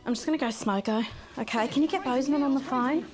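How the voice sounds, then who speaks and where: A woman playing a taunting high-voiced female temptress. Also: fast talker, lightly acted. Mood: indignant. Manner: taunting, purring, sarcastic. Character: scheming female TV host tempting toward evil. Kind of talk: video game voice acting. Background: loud music.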